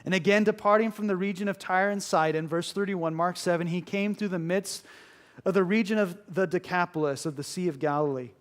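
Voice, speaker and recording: A man's voice: high voice, brisk. A man preaching a sermon in an earnest, emphatic way, repeating key phrases for weight.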